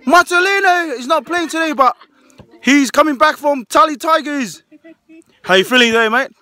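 Man, mock live sports commentator, excited play-by-play, high pitched, sweeping intonation, shouted chants. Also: moderate pace. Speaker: family vlogger hosting a pretend match.

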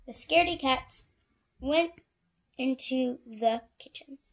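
Slow, high-voiced woman reading aloud. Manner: slow, expressive reading with asides. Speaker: storybook reader. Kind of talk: children's picture-book read-aloud.

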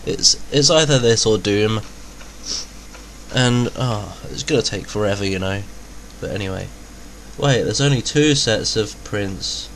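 Slow-talking gamer with a cold. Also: male voice, fairly low pitch, slight background noise. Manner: chatty, joking, exclaiming at the game. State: has a cold, a bit nasal. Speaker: gaming video host. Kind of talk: casual let's-play commentary.

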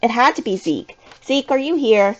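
A woman voicing an angry female drama teacher who demands answers in a sharp, scolding manner. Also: medium pitch, animated, moderate pace, muffled recording, natural voice.

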